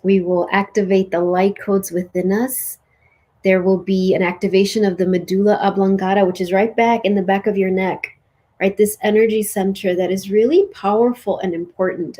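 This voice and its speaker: A woman with a mellow, slightly breathy voice leads a spiritual ceremony. She speaks slowly and gently in the guided parts. Between them she chats loosely with the group and often fills her sentences with "like.". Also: mid-range voice. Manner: soft, slow and soothing in meditation; chatty with many "like"s. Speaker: spiritual teacher leading a ceremony. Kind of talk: guided meditation and casual talk. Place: live online session with chat.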